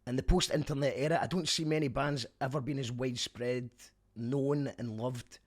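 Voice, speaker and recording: A Scottish man in his younger adult years, talking through a concert review in a loose, conversational way. His voice sits at an ordinary middle pitch, and he drops the odd dry, wry joke as he goes. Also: steady tone, normal speed. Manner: chatty, wry asides. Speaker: podcast host. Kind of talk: casual spoken review.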